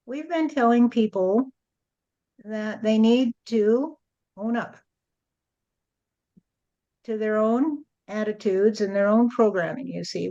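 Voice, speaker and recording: A woman's voice: on the high side, slow pace, pauses often, mellow, lo-fi sound. A woman channeling a spirit and speaking as God, blunt and lecturing, often adding "you see".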